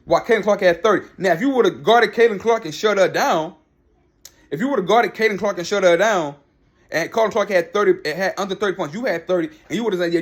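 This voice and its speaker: Man, high voice, rapid-fire talk, heated sports rant, repeats himself. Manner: fired-up, repetitive, talks back to people by name. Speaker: sports commentary vlogger.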